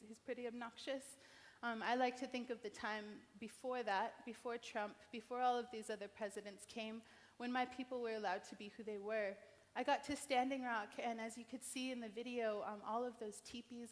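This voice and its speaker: An American woman from New Mexico giving a heartfelt personal talk as an invited speaker at an event. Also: a little high. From New Mexico, United States. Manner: earnest, heartfelt storytelling. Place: large event hall. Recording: long reverb of a large hall.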